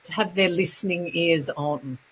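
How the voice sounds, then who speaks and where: A woman with an Australian accent, a speaking coach chatting as a guest, animated and talkative. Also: fairly low pitch, moderate pace, slight background noise, poor audio. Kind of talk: casual interview chat.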